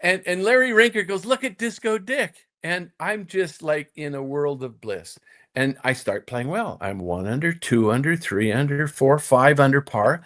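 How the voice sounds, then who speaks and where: A man's voice: on the high side, animated, moderate pace, a bit bright. An older man, a former touring golfer, telling a long story in casual conversation, with many repeated restarts, acting out his own inner voice. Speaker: guest, former tour golfer.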